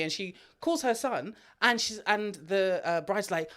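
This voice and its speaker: A woman co-hosting a podcast, retelling a story in an animated way and swearing freely. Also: mid-range voice, measured pace, hardly any pauses. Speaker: podcast co-host. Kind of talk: casual chat, storytelling.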